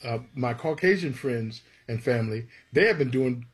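A man's voice: mid-range voice, normal speed, breathy edge. A man, a gospel songwriter, telling stories from his life in an interview and acting out the people he quotes. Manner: animated storyteller who acts out quotes. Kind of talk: storytelling interview.

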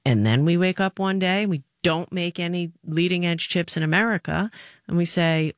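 A woman's voice: on the low side, moderate pace, no room sound. Middle-aged woman guest, punchy and direct, talks like she's telling a story, dry sound. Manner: emphatic and direct, lively storytelling. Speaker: former government official, guest. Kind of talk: conversational interview answers.

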